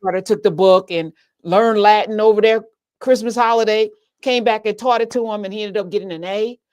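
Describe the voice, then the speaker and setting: A woman's voice: mid-range voice, steady tone, a little fast, darkish tone, no echo. Earnest woman in reflective conversation. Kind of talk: casual discussion.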